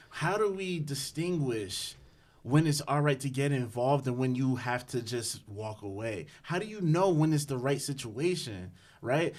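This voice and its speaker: Man, new jersey accent, blunt storyteller, profane, casual podcast talk. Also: mid-range voice. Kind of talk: casual group chat.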